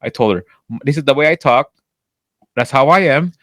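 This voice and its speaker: A man co-hosting a podcast, telling a workplace story in casual chat, acting out quotes and cursing freely, with a voice he calls always loud. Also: brisk, no room sound. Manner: animated, acts out quotes with big pitch jumps and profanity; says his voice is always loud. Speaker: podcast co-host.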